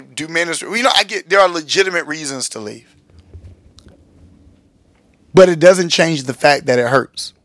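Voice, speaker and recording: Male pastor-host, candid storyteller, slightly high-pitched, recorded dry and close. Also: dry recording. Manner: animated storytelling, acts out quotes, addresses listeners as y'all. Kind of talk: candid podcast monologue.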